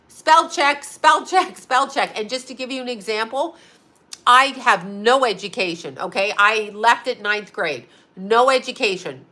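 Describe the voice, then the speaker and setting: A woman's voice: on the high side, bright, forceful tone. A middle-aged woman with a slight lisp, hosting a livestream and ranting bluntly, profanely, repeating herself for emphasis. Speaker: host.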